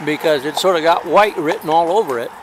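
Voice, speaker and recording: A man's voice: fairly high pitch, fairly quick, background noise. A man traveling on horseback, talking outdoors in a rambling, hesitant, wry way for his travel diary. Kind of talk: casual spoken travel diary.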